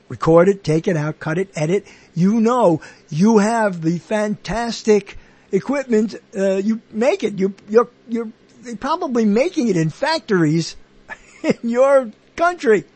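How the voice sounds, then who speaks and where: Husky man rambling with jokes. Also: high-pitched, a little mellow, no room sound. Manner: self-deprecating, joking and digressive. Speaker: host. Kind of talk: casual rambling monologue.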